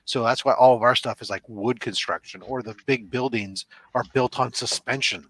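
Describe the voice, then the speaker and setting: Over a video call, a Californian man hosts a casual online panel chat in a mid-range, slightly bright voice at normal speed. He rambles and explains things at length, full of asides.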